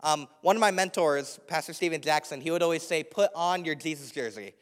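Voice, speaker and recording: A young male preacher with a notably high voice tells stories from the pulpit in a lively, conversational way. His words ring out with the long reverb of a large church hall. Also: brisk. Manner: animated, chatty storytelling with frequent laughs. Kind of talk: sermon with personal story. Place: church sanctuary.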